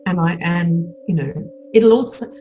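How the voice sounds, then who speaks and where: A woman's voice: fairly low pitch, normal speed, warm tone, soft background music, rough recording. An older woman from Australia with an Australian accent, chatting frankly and cheekily as an interview guest, full of restarts. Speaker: actress and podcast guest. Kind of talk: casual interview chat.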